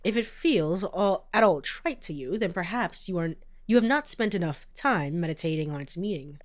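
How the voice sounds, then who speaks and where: A woman's voice: fairly low pitch, lively intonation, normal speed, close to an everyday voice. A woman who is sick voices a pompous, refined tea connoisseur who speaks in grand, condescending flourishes. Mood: lofty, patronizing.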